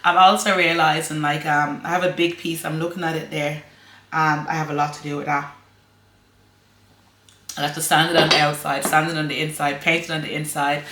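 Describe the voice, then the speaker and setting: Chatty Irish woman with a bright voice. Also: low-pitched, level tone, brisk, echoey room. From Ireland. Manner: chatty and rambling, laughs often. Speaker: vlogger. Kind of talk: casual chat to camera.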